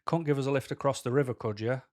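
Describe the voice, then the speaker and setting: A sly male scorpion from a fable talks in a Mancunian accent, as a man telling the story puts him on. He is persuasive and matter-of-fact, in a mid-pitched, everyday voice. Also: quick pace, a little mellow, natural voice. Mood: coaxing.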